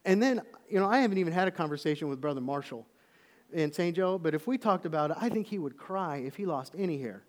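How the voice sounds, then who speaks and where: Animated preacher man in a reverberant hall. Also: fairly high pitch, fast. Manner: animated storytelling, swings from loud to hushed. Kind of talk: sermon. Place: church auditorium. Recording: long reverb of a large hall.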